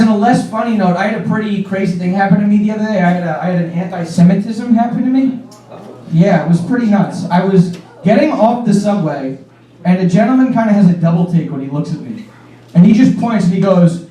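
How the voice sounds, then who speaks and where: A man with a high, warm voice performs stand-up on stage, talking fairly quickly, rambling, using "like" a lot and laughing at his own jokes. The recording is echoey and captured from far off.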